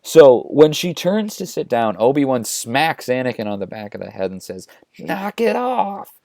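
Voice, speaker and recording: A man's voice: mid-range voice, lively intonation, moderate pace, a little mellow, no room sound. A man casually retelling a story for comedy in a chatty way, peppered with "like". His voice sits in a middle range, and the recording is dry and close. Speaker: host.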